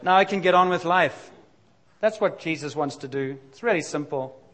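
A man's voice: fairly high pitch, moderate pace, fairly bright tone. A middle-aged man preaching a sermon in a candid, confessional, conversational way, with sudden emphatic bursts. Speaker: pastor.

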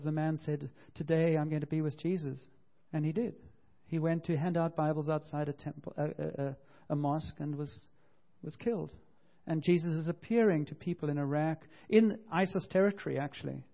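A man's voice: a little high, gravelly, lo-fi sound. A man preaching a sermon with passion, often repeating himself and acting out the quotes he tells. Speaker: pastor.

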